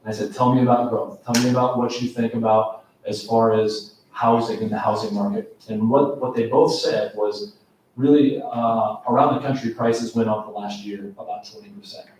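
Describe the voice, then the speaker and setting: Male school administrator, flat and measured delivery with ums, heard from a distance in a very echoey room. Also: fairly low pitch, a little hiss or hum. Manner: measured, steady, with frequent ums and restarts. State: has a cough. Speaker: school administrator presenting to a board. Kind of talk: slide presentation at a workshop.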